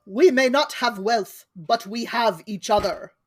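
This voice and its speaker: A woman's voice: on the high side, unhurried, slightly rough. A woman voicing a struggling man in hard times, trying a Russian accent that slips into Irish during a comedic script reading. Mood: earnest. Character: struggling male peasant friend in hard times. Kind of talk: comedic script read-aloud.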